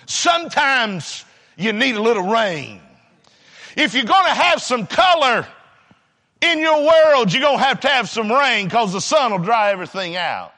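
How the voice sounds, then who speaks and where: Bright-voiced preacher with booming dynamics. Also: male voice, sing-song, unhurried, long reverb tail. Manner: dramatic, swinging between shouting and hushed near-whispers. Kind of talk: sermon.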